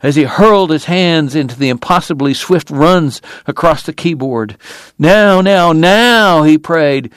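A man narrating an audiobook in a measured, lyrical storytelling manner. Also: medium pitch, no echo, clean studio sound. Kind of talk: scripted narration.

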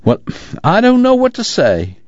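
A man's voice: sits high, wildly swooping pitch, measured pace, no echo, lo-fi sound, pitched above the performer's own voice, full character voice. A man voicing a humble, doubting former preacher in plain rural speech. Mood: unsure.

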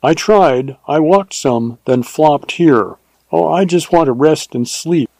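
A man's voice: fairly high pitch, animated, slow pace, gravelly, a little mellow, no room sound, voice pushed up, full character voice. A man voicing a proud, tender young woman who speaks imperiously and with wonder, in a storybook reading. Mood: weary pleading.

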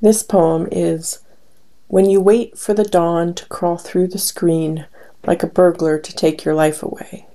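A woman reads poems aloud at an unhurried, deliberate pace, letting each line hang. Her voice sits a little low and has a mellow, dark tone with a grainy fry at the edges. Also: fairly even intonation. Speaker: poetry reader. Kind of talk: slow recited poetry reading.

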